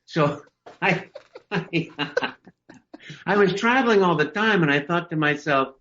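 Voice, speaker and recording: Lively upbeat man on a video call. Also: on the high side, a little slow, long pauses. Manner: upbeat, expressive, enthusiastic. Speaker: voice actor guest. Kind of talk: casual interview over video call. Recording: dull lo-fi video call audio.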